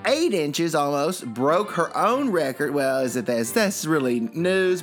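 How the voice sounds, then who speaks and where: A man co-hosting a comedy show, reading odd news with playful, drawn-out jokes. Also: on the high side, lively intonation, soft background music. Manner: playful, drawn-out jokey delivery. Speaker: comedy podcast co-host.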